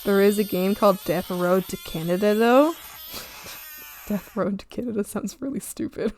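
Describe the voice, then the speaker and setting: A young woman streaming her art, chatting playfully with viewers, silly and quick to squeal and laugh. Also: medium pitch, darkish tone. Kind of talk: casual chat with live viewers.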